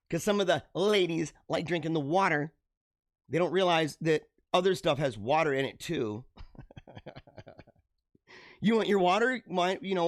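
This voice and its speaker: A man's voice: fairly high pitch, dry recording, studio quality. A man hosting a live show, delivering an exuberant, preachy motivational monologue and laughing often.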